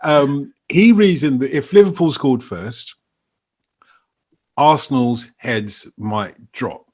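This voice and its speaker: Man, podcast host, husky voice, chatty, explains at length. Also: medium pitch, slow, darkish tone. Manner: explains at length, laughs easily. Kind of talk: casual chat.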